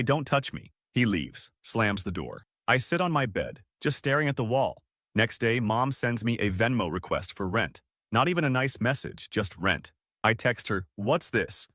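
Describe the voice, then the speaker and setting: A man's voice: medium pitch, fairly bright tone, dry recording. Guy telling a reddit-style story, casual matter-of-fact, voice moves up and down a lot, dry close sound. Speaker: story narrator. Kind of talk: first-person story narration.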